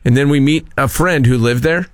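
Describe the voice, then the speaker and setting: A man's voice: medium pitch, brisk, no room sound. An American man hosting a morning radio show, telling stories in a casual, self-mocking way on a studio mic. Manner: animated, self-mocking, laughs through his stories. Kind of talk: casual on-air storytelling.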